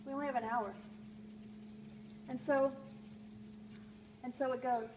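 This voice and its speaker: A woman's voice: sits high, fairly even intonation, a little slow. A woman hosting a live call-in art show from a gallery, talking in a playful, rambling way that often trails off. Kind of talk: live stream chat while drawing. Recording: noisy live stream room.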